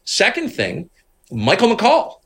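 A man's voice: high voice, slow pace. A middle-aged man from Washington, D.C., telling stories in a casual interview in an indignant, emphatic way. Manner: animated, indignant, emphatic storytelling. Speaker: interviewed guest, political commentator.

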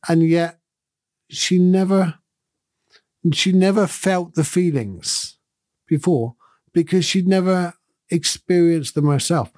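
A man's voice: high voice, slow, long pauses, darkish tone, dry recording, clean studio sound. A middle-aged man, a podcast host, giving a thoughtful and earnest reflective monologue in a conversational way.

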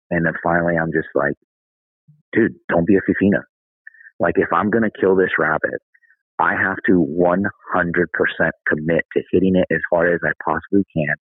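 Deep-voiced, husky man, a candid podcast guest telling a story, thin phone-line sound. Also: dry recording. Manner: candid, conversational, says "dude". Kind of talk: casual storytelling.

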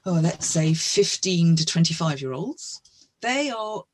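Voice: mid-range voice, animated, measured pace, a little hiss or hum. A marketer in their fifties in casual chat, explaining with confident advice. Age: 50s. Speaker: marketing guest.

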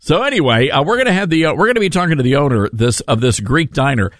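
A man hosting a talk radio show, giving casual opinion commentary in an animated, sarcastic way with rambling asides. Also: on the high side, fast, no room sound, clean studio sound.

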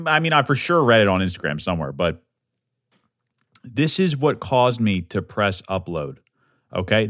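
A man's voice: mid-range voice, dry recording, studio quality. Rambling, profane young man podcasting solo. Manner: rambling and profane, lots of filler and restarts; pleading, earnest. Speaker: podcast host.

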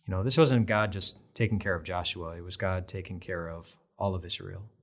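A man's voice: low-pitched, fairly even intonation, normal speed. A man giving an earnest, conversational devotional Bible talk, repeating phrases for emphasis. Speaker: devotional speaker.

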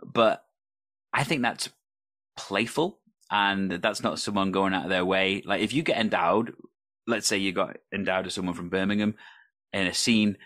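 A man talking thoughtfully in a casual podcast chat about improv, measured, with the odd restart. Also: low voice, fairly bright tone, dry recording. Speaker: podcast co-host.

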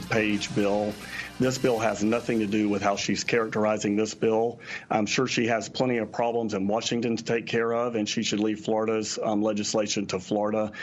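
A man speaking as a state politician in a soundbite, measured, with um fillers. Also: fairly low pitch, rough recording. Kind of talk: soundbite reply.

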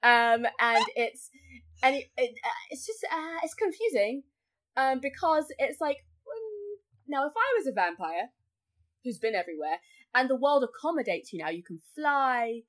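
A woman's voice: sits high, very animated, moderate pace, fairly bright tone. A woman talking as a guest on a podcast in casual chat. She fills her talk with "like" and often acts out other people's voices. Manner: chatty, full of likes, acts out voices.

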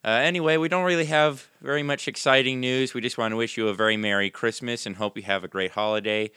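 A man's voice: mid-range voice, fairly even intonation, quick pace, bright, forceful tone, clean tone, dry recording, studio quality. A man hosting a tabletop game podcast, chatting cheerfully with his friends. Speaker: podcast host and player. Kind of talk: casual tabletop game chat.

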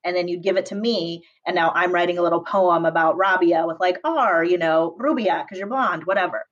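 A young woman teacher from Southern California talks through interview questions in a loose, chatty way, full of fillers and quick laughs. Her voice sits a little low. The recording is dull and lo-fi. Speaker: public school teacher, podcast guest. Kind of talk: casual interview answers.

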